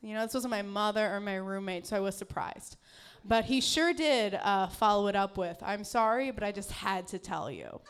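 A woman's voice: mid-range voice, normal speed, a little hiss or hum. Woman doing stand-up, laughing along. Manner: laughing through her jokes. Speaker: stand-up comedian. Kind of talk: stand-up set. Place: comedy club stage with live audience.

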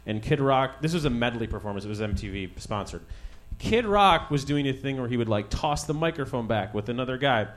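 A man hosting, bantering with a guest in a teasing, quick manner. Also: mid-range voice, animated. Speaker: host. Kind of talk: casual chat.

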